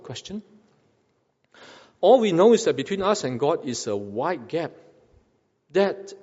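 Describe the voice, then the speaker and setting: A man's voice: on the high side, a little mellow, long reverb tail, muffled recording. A man preaching a sermon, asking rhetorical questions and repeating phrases for emphasis. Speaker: pastor.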